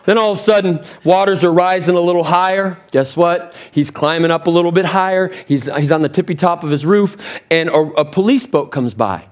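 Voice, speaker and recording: A man preaching a sermon as a pastor, telling a story with animated energy and frequent word repeats. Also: high-pitched, a little fast, few pauses. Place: church platform.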